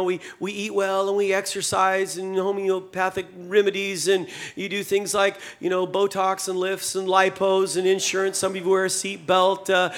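A man with a high-pitched voice preaches a sermon, loose and conversational. He jokes with his listeners and acts out the dialogue of the scripture scenes. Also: fairly bright tone. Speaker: pastor.

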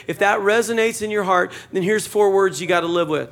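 A man's voice: sits high, a little fast, hardly any pauses. A man preaching a sermon to a church congregation, conversational and joking, acting out short quotes. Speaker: pastor.

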